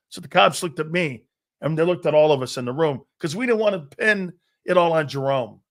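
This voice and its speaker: A middle-aged man hosting a sports talk show, telling a profane, animated story and loudly acting out the people in it. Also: fairly high pitch, brisk.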